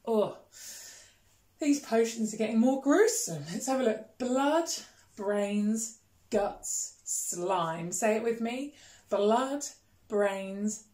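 A woman music teacher with a British accent leading a children's rhythm lesson, chanting words slowly with gasps and playful disgust. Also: on the high side, roomy sound. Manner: animated storytelling, gasps and exaggerated disgust.

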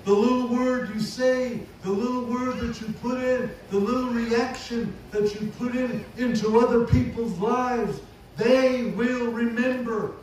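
A man's voice: very high-pitched, fairly even intonation, unhurried, darkish tone, a little hiss or hum. A man preaching a sermon, punctuating his points with amen and hallelujah. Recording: echoey hall recording from far off.

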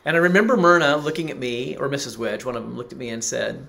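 A man's voice: medium pitch, quick pace, gravelly, sharp tone, slight background noise. A middle-aged man preaching, telling a personal story and acting out the people he quotes. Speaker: pastor. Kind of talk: sermon.

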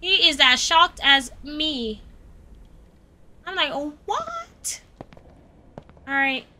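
A young adult woman streaming a game live, reacting with excited exclamations and chatting to her viewers. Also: high-pitched, slow pace. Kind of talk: live gameplay commentary.

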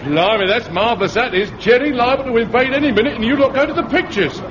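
An actor playing a loud, mocking air raid warden in a radio comedy. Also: male voice, very high-pitched, fast. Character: brash cocky cockney-type air raid warden. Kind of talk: 1960s radio comedy acting. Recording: muffled old radio recording with hiss.

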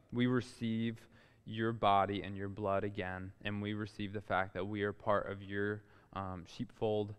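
A man leading a spoken prayer, soft and unhurried, with many pauses and fillers. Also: lowish voice, clean tone. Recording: long reverb of a hall.

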